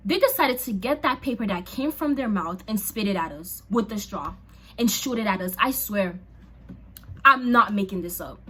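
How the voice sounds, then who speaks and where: A young woman from a Haitian family, chatty and animated, telling a personal story in a casual vlog. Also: mid-range voice, moderate pace, husky. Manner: chatty, animated, lots of "like" and asides to viewers. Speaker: storyteller vlogger.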